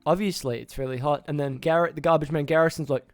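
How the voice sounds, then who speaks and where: Young-sounding male reviewer, slightly high voice, loose rambling recap over faint music. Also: steady tone, fast, few pauses, no echo. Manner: rambling, restarts names, acts out character lines. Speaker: YouTuber reviewing a film. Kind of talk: casual film plot recap.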